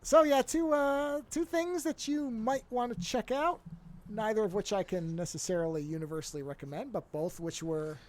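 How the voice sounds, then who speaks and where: Male podcast co-host with a high voice, careful and deliberate, hedges his opinions. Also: darkish tone. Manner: measured, explains with careful qualifications. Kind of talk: casual chat.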